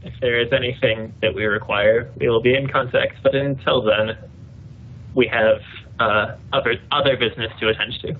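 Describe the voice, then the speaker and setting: A man voicing a stern female inquisitor, speaking in a measured, commanding way over a tinny voice-chat line. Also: medium pitch, steady tone, a little hiss or hum, natural voice. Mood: dismissive.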